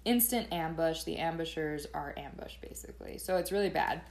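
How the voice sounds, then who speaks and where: A woman's voice: low voice, fairly quick, darkish tone. A woman co-hosting a podcast, recapping chapters in a chatty way with dry asides and laughs. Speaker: podcast co-host. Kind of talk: casual book-club recap.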